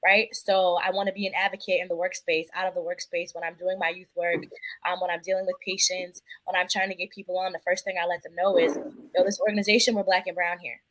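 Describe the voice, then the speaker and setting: A woman's voice: lowish voice, level tone, fast, fairly bright tone, no echo, low-quality recording. A woman who works in nonprofits, speaking reflectively in a casual podcast discussion. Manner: thoughtful, reflective. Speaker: nonprofit worker.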